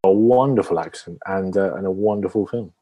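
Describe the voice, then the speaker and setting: A man's voice: low voice, fairly quick, mellow. A man co-hosting a podcast in casual chat, with a dry, wry, playful way of talking. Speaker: podcast co-host guessing film accents.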